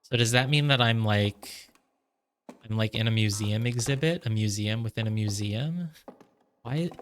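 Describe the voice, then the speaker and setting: A man giving casual let's-play commentary. He thinks out loud, peppers his talk with "like," and slips soft laughs between thoughts. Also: lowish voice, moderate pace, slight background noise. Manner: musing aloud, heavy on "like" fillers. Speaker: gamer playing through a game.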